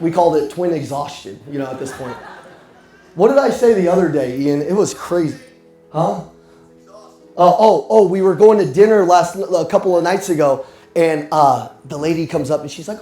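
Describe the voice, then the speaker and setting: A young man giving an animated, playful motivational sales talk to a live audience. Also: high voice, fairly quick. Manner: animated, playful, addresses the crowd directly. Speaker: sales coach speaking live. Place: roomy hall with a live audience. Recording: echoey room with faint music.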